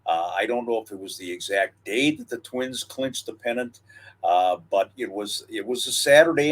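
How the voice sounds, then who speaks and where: Older man reminiscing about wrestling history. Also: mid-range voice. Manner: storytelling, reminiscing, drawn-out pauses and fillers. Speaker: wrestling history podcast co-host. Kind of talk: casual historical chat.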